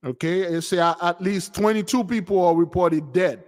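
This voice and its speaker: Man rambling on a livestream, kinda high voice, long echo around him. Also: normal speed. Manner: rambling, questioning, frequent "okay?". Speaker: spiritual teacher and channel host. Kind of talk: casual livestream talk. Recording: long reverb.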